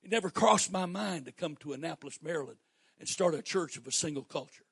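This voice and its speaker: A man with a Southern US accent preaching a sermon as pastor, swinging from quiet asides to loud, emphatic reading. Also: on the high side, animated, fast, creaky, breathy edge, no room sound.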